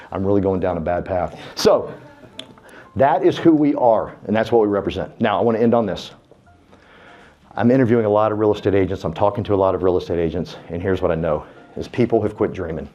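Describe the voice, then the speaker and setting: Low-pitched, mellow, and fast-talking, a real estate team speaker rallies a roomful of agents. His motivational speech to the live audience is folksy and fired up, with the urgency of a preacher.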